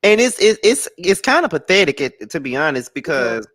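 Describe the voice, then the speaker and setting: A podcast co-host recapping a reality show in casual, animated chat, dropping low for the recap and jumping high when worked up. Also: fairly quick.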